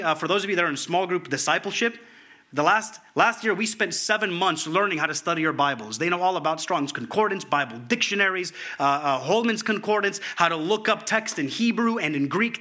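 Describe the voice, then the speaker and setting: A man preaching a sermon, reading scripture aloud in an animated way, at times dropping to a hushed tone. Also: fairly high pitch. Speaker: pastor.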